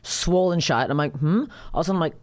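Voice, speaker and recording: A woman hosting a comedy podcast, chatting bluntly and with plenty of swearing. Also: low voice. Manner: fast, blunt, profane. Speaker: podcast host. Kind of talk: casual podcast chat.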